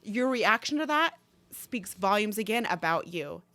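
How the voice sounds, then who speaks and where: A woman's voice: mid-range voice, expressive, measured pace, pushed and bright, no echo. A woman hosting a podcast conversation, reassuring her guest with emphatic, repeated points. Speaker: podcast host. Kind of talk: supportive conversation.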